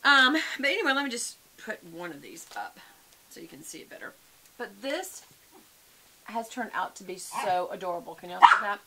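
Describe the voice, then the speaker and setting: A woman's voice: medium pitch, big pitch swings, normal speed, background noise. A woman, chatting casually and rambling to her viewers at home, calling them y'all. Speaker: vlogger. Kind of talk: casual chat to camera.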